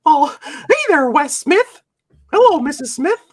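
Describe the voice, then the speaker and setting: A man voicing a cheerful cartoon mouse in a giggly falsetto. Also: big pitch swings, measured pace, full character voice. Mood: giddy.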